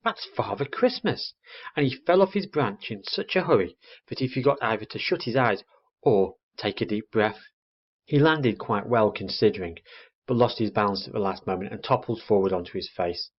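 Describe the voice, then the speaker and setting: A man teaching a primary school lesson, reading a children's story aloud in an expressive storytelling manner. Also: fairly low pitch, normal speed. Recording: dull lo-fi recording.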